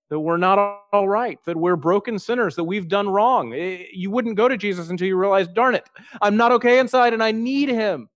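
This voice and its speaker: A man preaching a sermon, earnest and plainspoken, slowing down and softening his voice for quoted prayers. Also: high-pitched, no room sound, studio quality. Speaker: pastor.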